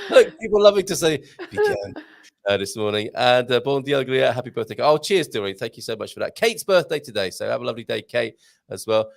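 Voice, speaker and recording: British male host, lively up-and-down voice, jokey, chatty. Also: mid-range voice, fairly quick, creaky. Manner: jokey, animated, reads viewer comments aloud. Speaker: show host. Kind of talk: casual live-stream chat.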